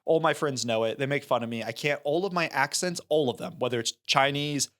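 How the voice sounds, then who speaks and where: A man co-hosting a casual podcast, animated and jokey, laughing often. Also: mid-range voice, fairly quick. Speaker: podcast co-host.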